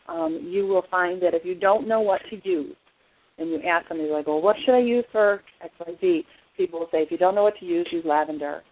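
A woman giving an earnest personal testimony as an essential oils presenter, telling her story with frequent restarts. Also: lowish voice. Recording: tinny phone-like sound.

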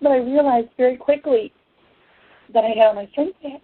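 A woman giving an emotional personal testimony to a class, an impassioned storyteller who swings between hushed and excited. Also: high-pitched, moderate pace, breathy edge, dry recording. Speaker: essential oils class speaker. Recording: tinny phone-like dry sound.

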